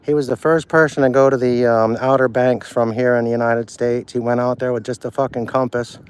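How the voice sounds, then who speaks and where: A man's voice: mid-range voice, level tone, a little fast, clean tone. Chatty man live-streaming at a harbor. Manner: loose, chatty, swears freely. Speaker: vlogger walking a harbor. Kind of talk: casual live-stream chat. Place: outdoors at a harbor dock.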